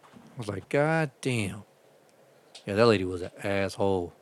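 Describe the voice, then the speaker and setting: A man's voice: low voice, fast talker. A man telling rambling, profane stories about his delivery driving in a casual chat. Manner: profane, rambling, animated retelling.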